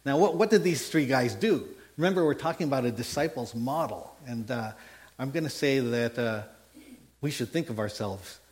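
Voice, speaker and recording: A man preaching a sermon, telling a Bible story in a folksy way, acting out the dialogue and checking in with his listeners. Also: mid-range voice. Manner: animated storytelling, acts out biblical dialogue; folksy asides and repeated "okay?". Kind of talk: sermon with slides.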